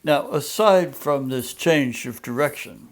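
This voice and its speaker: An older man giving a recorded slideshow lecture on poetry, reading poems aloud in a measured, deliberate way. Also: mid-range voice.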